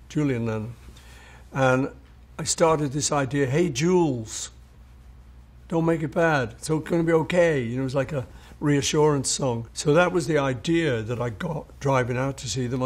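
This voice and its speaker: An older man, a songwriter, telling anecdotes in an interview and acting out what people said. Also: medium pitch. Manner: anecdotal, acts out quoted people. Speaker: songwriter recalling his songs. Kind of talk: storytelling interview.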